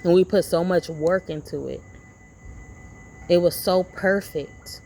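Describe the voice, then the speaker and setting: A woman's voice: fairly low pitch, takes it slowly, creaky, warm tone, a little hiss or hum, poor audio. A woman vlogger giving a rambling, preachy motivational talk, repeating her points as she goes. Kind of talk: casual motivational monologue.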